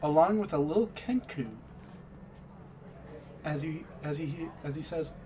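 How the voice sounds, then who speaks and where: High-voiced man narrating a tabletop game. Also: a little slow, background noise. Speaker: game master.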